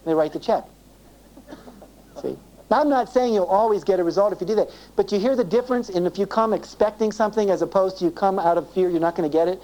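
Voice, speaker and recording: A man's voice: sits high, quick pace, warm tone, poor audio. A man giving a live self-esteem seminar to an audience, acting out little dialogues and asking the room questions, on an old cassette tape. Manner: acts out dialogue in quoted voices, asks the audience questions.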